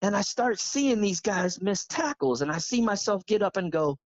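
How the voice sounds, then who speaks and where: A man calling in to a live stream, rambling excitedly through a long story. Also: high-pitched, normal speed, dry recording, lo-fi sound. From Florida. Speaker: caller. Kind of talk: excited phone-in chat.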